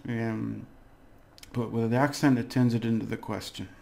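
A man's voice: mid-range voice, little pitch movement, moderate pace, vocal fry, dark tone. A man teaching a casual video lesson, rambling and hesitant, with fillers and small jokes. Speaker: language teacher.

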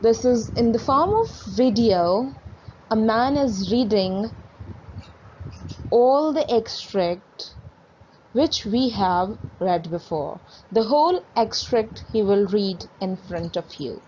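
A woman teacher introducing a recorded lecture in a formal, measured way. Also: a little high, expressive, dark tone. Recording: dull lo-fi audio, faint noise.

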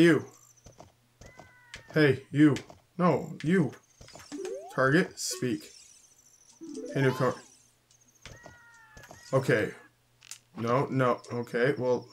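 Over slight background noise, a medium-voiced young man from Canada narrates his gameplay in a laid-back let's play, griping, cracking jokes, and reading out on-screen text.

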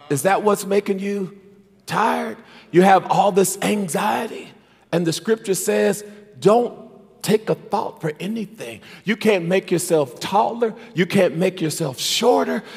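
Male pastor with a very high, forceful voice, preaching with call-and-response in a reverberant church hall. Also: gravelly, slightly rough. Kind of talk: sermon. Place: church sanctuary.

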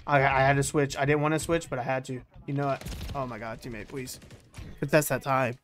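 A man giving excitable, swear-filled live commentary over his own online shooter match, trash-talking as he plays. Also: medium pitch, a little fast, faint music behind. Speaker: gaming YouTuber.

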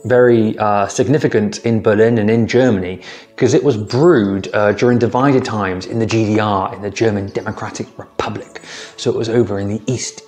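A man's voice: on the low side, a little mellow. Chatty man hosting a beer vlog. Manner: chatty, hesitant with ums, addresses viewers as guys and team. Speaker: beer-tasting vlogger, channel host. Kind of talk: casual tasting vlog.

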